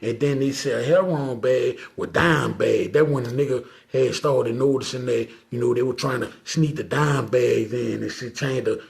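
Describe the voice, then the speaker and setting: A man with a New Orleans accent, a podcast guest telling a story in a casual, slangy, animated way and acting out the dialogue. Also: medium pitch, normal speed, vocal fry, few pauses.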